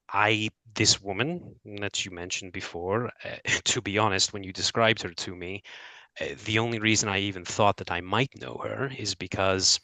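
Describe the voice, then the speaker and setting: A man voicing a composed, polite female artisan of Renaissance Florence in a tabletop role-play, speaking in a measured, formal way. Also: fairly low pitch, pushed and bright, dry recording, poor audio.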